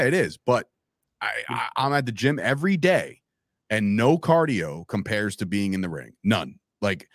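A man's voice: on the low side, no echo, clean studio sound. A man, a podcast guest telling his own stories in casual chat and acting out the voices of people he quotes. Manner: animated storytelling, acts out quoted voices. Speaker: podcast guest, wrestling commentator.

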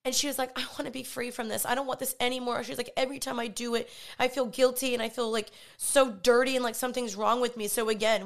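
Earnest woman retelling a faith story. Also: fairly high pitch. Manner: animated, earnest retelling, often quoting herself with "I was like". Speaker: Christian vlogger and podcaster. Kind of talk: personal testimony storytelling.

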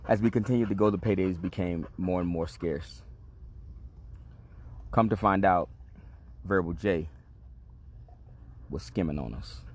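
Deep-voiced man telling a street story. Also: measured pace, long pauses, darkish tone, slight background noise. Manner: laid-back, streetwise, profane storytelling. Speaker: podcast host. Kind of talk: casual storytelling monologue.

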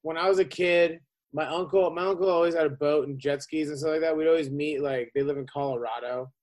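A man with a high-pitched voice tells a story in loose, casual chat. He rambles, restarts his sentences and swears often. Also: fairly even intonation, a little mellow, poor audio. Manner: rambling, profane, halting.

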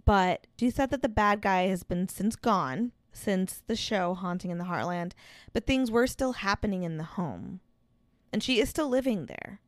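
A woman co-hosting a podcast in casual chat, reacting with quick exclamations and jokes. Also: medium pitch, expressive, dry recording, clean studio sound. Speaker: podcast co-host.

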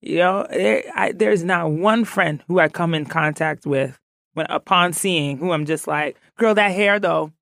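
A woman from Ghana, a podcast guest, chatting in an animated, playful way and laughing often. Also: low-pitched, unhurried, vocal fry, no echo, studio quality. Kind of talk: casual interview chat.

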